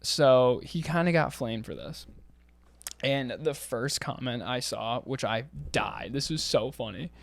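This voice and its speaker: A man's voice: medium pitch, measured pace, vocal fry, no echo. Blunt young man ranting, dry sound. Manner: profane, heated and blunt. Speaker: podcast host. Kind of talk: casual reaction chat.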